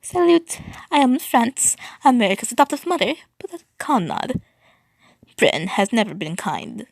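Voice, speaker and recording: A woman puts on a cheerful, gracious lady personifying France in a fan story. The voice is pitched up and bright, with a gravelly edge and a dry, close sound. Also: sing-song, normal speed, no echo, exaggerated voice.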